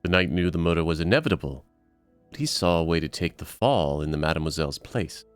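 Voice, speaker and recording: A man voicing a smooth-talking male con man posing as a nobleman, with a theatrical fake foreign accent and courtly manner. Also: deep voice, lively intonation, fast, dry recording, faint music behind. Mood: conspiratorial.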